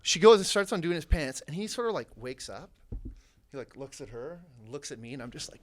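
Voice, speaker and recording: A young man as a podcast guest, telling a story in a profane, animated way and laughing often. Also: fairly high pitch, brisk, a little hiss or hum. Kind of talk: casual storytelling.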